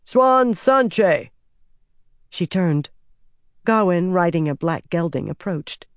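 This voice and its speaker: A man narrating a fantasy audiobook in an even, measured storytelling voice. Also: a little high, clean tone, no echo, clean studio sound.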